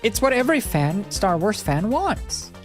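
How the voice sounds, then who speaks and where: A woman's voice: medium pitch, big pitch swings, measured pace, soft background music. A young woman streaming, giving casual, rambling, sarcastic commentary.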